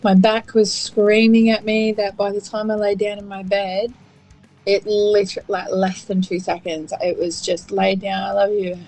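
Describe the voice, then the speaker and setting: A woman's voice: mid-range voice, little pitch movement, moderate pace, warm tone, soft background music, poor audio. A woman with an Australian accent co-hosting a podcast, blunt and sweary in casual banter. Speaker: podcast co-host.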